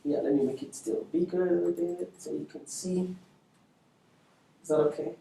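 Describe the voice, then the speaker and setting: A man's voice: high voice, steady tone, moderate pace, vocal fry, warm tone, slight background noise. A man teaching a beginner Arabic lesson, patient and checking in often with his learners, with light chuckles. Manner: chuckles lightly between points. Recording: echoey room, away from the mic.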